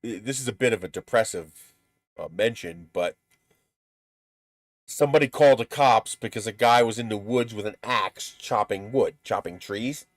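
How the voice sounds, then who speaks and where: A man's voice: lowish voice, normal speed, no room sound. A man hosting a live stream in casual chat, blunt and profane, who laughs at his own stories.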